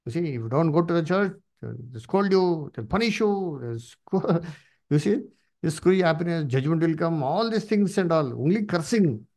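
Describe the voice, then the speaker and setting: A man preaching at a Bible study, emphatic and repetitive, swinging his pitch up and down. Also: expressive, moderate pace, a little mellow. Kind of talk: sermon with Bible reading.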